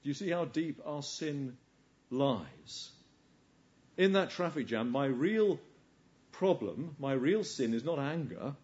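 A man preaching a sermon. He asks rhetorical questions and swings between hushed lines and forceful emphasis. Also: medium pitch, lively intonation, takes it slowly, highs cut off.

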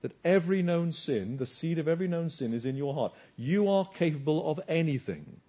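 Male preacher with a fairly high voice, fervent and questioning, on a muffled lo-fi recording. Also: animated, a little fast. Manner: rhetorical questions, swinging between hushed and forceful emphasis. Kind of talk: sermon.

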